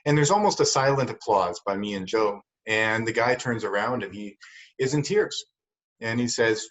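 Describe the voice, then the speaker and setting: A podcast co-host tells a story in an earnest, reflective manner, often repeating words as the casual chat goes on. His medium-pitched voice is brisk and a bit bright. The recording sounds dull and lo-fi.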